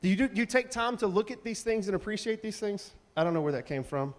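Male pastor, relaxed and slangy, slightly higher voice, long reverb of a church hall. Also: quick pace. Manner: chatty, slangy, animated asides. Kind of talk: casual sermon.

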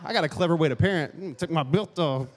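A man's voice: a little high, fast. A man preaching a casual, joking sermon and acting out grumbling asides in a church hall. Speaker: pastor. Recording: long hall reverb.

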